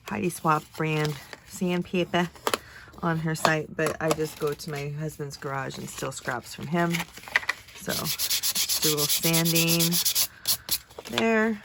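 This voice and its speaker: A woman in her forties with a low, gravelly voice that sounds nasal and stuffed up after a lingering cold. She chats casually while crafting, thinking aloud as she measures and folds paper. Loud background noise sits under her voice. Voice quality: nasal from congestion. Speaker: first grade teacher.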